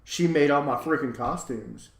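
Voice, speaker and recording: A man with a fairly high voice co-hosts a podcast, speaking at a moderate pace in a casual chat. He brings his stories to life by acting out what people said. The audio is reverberant.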